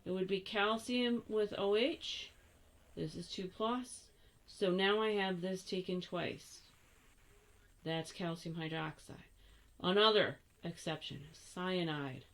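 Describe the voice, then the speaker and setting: A woman's voice: on the low side, slow pace. An older woman teaching a chemistry lesson, chatty and playful, correcting herself as she goes. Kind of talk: recorded classroom lesson.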